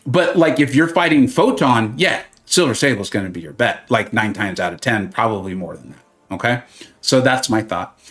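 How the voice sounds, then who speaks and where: During a casual gaming stream, a man answers his viewers' questions in a medium-pitched, slightly bright voice with lively intonation and a moderate pace. He keeps things light and jokey, strays into silly tangents, and gives chatty, comforting advice.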